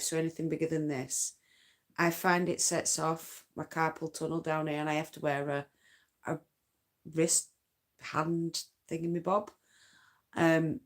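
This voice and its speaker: A woman with a Yorkshire accent, chatting casually and rambling a bit on a late-night crafting livestream from home. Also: low voice. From North Yorkshire, England. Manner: rambling, chatty, uses dialect forms.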